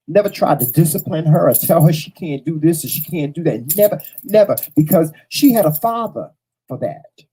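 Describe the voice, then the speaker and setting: A man speaking to his audience in a mellow, husky voice. He tells a personal story bluntly, with cursing, and hammers his points home by repeating phrases. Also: fairly high pitch, animated, moderate pace, poor audio. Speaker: host. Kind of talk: casual storytelling monologue to viewers.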